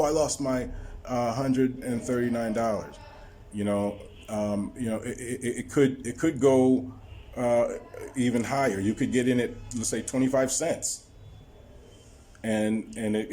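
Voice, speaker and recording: A man talking viewers through his stock trade on screen, halting often with repeated words and fillers. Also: fairly low pitch, darkish tone. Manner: explaining to viewers. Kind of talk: screen-recorded trading walkthrough.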